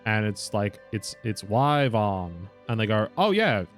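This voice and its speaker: A man's voice: on the low side, unhurried, faint music behind. A young man casually commenting on his own game stream, rambling, correcting himself, swearing and laughing now and then. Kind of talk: casual live gameplay commentary.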